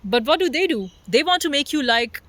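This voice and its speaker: A high, bright voice talks earnestly about spirit and society, stacking its points through repeated phrases. The sound is close and dry, with no room around it. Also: expressive, a little fast, no echo. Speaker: spiritual vlogger. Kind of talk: unscripted spiritual monologue.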